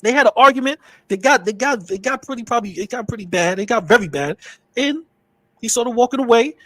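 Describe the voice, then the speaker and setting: Fast-talking high-voiced man, dry sound. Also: animated, bright, forceful tone, dry recording. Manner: fast, insistent, preachy. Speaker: streamer. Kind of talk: commentary.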